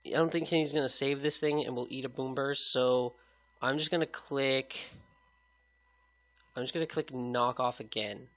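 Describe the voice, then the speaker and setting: A man talking through a competitive game match in a casual, chatty way, his voice bright and a little sick-sounding. It comes through a headset mic with a dull, lo-fi sound. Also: medium pitch, steady tone, moderate pace. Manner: casual, upbeat, chatty with viewers. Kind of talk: casual gameplay commentary.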